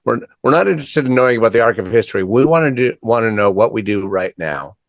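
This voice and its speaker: Man, podcast co-host, lowish voice, dry close sound, hesitant thoughtful talk. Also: lively intonation, fast, vocal fry, no room sound. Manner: thoughtful, hesitant, with fillers and rephrasing. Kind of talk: casual podcast chat.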